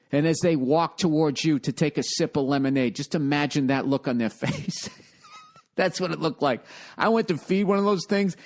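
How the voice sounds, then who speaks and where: A man in his forties from the United States, a comedian hosting his own podcast, telling a rambling story in a profane, exasperated way. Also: mid-range voice. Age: 40s.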